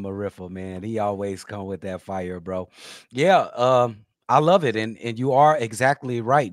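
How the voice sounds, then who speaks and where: A man co-hosting a podcast, relaxed and joking, with slangy talk. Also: mid-range voice, no echo, clean studio sound. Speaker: podcast co-host. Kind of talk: casual podcast chat.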